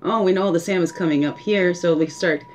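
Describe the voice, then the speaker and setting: A woman hosting a spiritual guidance talk, musing aloud and asking rhetorical questions, often tagging "right?" and a soft "hmm". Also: lowish voice, brisk, slight background noise. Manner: musing, asks rhetorical questions, adds 'right?' and 'hmm'. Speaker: spiritual guidance show host.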